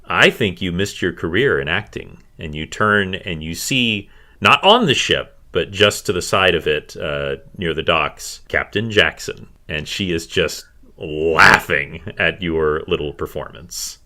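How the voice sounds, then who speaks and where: Man, game master, very deep voice, bright tone, lively, suspenseful narration. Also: measured pace. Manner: hushed, suspenseful storytelling.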